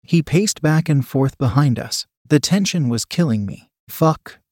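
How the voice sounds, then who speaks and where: A man narrating an erotic story in the first person, reading in an even, unhurried way. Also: mid-range voice, dry recording, clean studio sound. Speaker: story reader.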